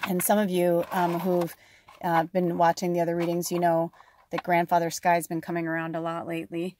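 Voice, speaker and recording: A woman's voice: lowish voice, monotone, fairly quick, darkish tone, a little hiss or hum. Earnest rambling woman doing a reading. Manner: rambling, earnest, many fillers. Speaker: spiritual medium. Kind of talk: casual tarot reading talk.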